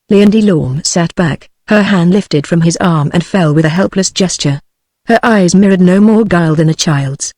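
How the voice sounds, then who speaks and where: A text-to-speech woman's voice with a British English accent, reading a novel aloud in an even, uninflected way, giving every character the same voice. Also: lowish voice, moderate pace, no echo. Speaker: audiobook reader. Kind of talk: synthetic audiobook narration.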